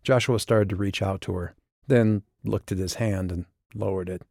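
A man giving measured, scripted audiobook narration. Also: lowish voice, steady tone, gravelly, darkish tone, dry recording, clean studio sound.

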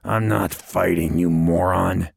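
A man voicing a grinning, inhuman winged creature with claws, speaking in a slow, low, menacing murmur. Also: steady tone, gravelly, husky, dry recording, studio quality, heavily acted. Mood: menacing calm.

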